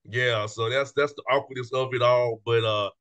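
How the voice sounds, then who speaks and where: A man's voice: mid-range voice, fairly even intonation, normal speed, a bit bright. A man hosting a casual interview show, loose and chatty, laughing easily between his words. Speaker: show host.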